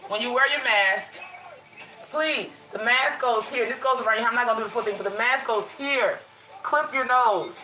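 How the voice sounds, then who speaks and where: A woman's voice: fairly high pitch, normal speed, pushed and bright, reverberant, low-quality recording. A woman chatting casually with viewers from her bedroom, talking in a loose, rambling way with a runny nose. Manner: chatty, addresses viewers as y'all, lots of restarts. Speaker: vlogger. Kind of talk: casual livestream chat.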